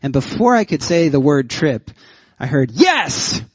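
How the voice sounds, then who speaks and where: Animated man preaching a sermon. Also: fairly high pitch, moderate pace, dry recording, dull audio. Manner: animated storytelling, laughs often. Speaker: pastor.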